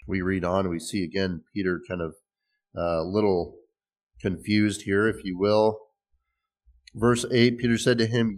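A man's voice: low voice, flat delivery, measured pace, long pauses, a little mellow. Guy preaching a sermon, chatty and easygoing, stumbles and restarts now and then. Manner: conversational, with restarts and small laughs. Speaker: pastor.

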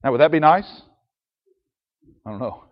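A man's voice: fairly high pitch, animated, normal speed. A man preaching a sermon earnestly, reading scripture aloud in old-fashioned biblical wording. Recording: dull sound with long reverb.

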